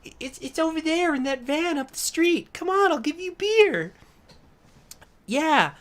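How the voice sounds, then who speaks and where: Sly, sing-song little girl, a man doing the voice, high and swooping, luring a stranger. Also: lively intonation, unhurried, a bit bright, full character voice. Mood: coaxing. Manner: sing-song, coaxing falsetto.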